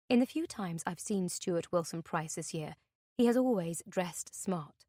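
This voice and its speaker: A woman reading a thriller audiobook in the first person, with a tense, measured delivery. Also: fairly low pitch, animated, warm tone, no room sound, clean studio sound. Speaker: audiobook narrator. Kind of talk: scripted narration.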